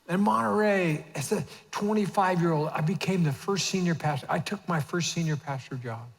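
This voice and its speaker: A man in his fifties preaching a sermon as senior pastor in a church auditorium, moving from hushed asides to shouted emphasis. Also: high voice. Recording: long reverb of a church hall.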